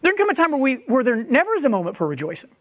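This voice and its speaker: A woman preaching a sermon in a conversational, animated way, with quick asides and playful acted-out quotes. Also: high voice, dry recording.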